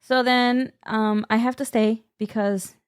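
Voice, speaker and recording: A woman's voice: on the high side, steady tone, measured pace, smooth. A woman co-hosting a podcast in a casual chat. She chimes in briefly and finishes her partner's sentences. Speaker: podcast co-host.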